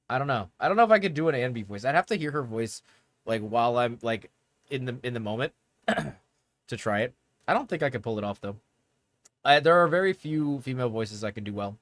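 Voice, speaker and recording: Young male streamer, lively pitch, rambling casual chat with lots of laughs. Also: normal speed, no echo. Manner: animated, rambling, laughs often.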